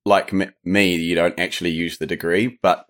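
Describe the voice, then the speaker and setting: Easygoing New Zealand man, lowish voice. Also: flat delivery, moderate pace, a bit bright. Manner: easygoing, hedging with lots of "sort of". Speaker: podcast guest. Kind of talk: casual interview chat.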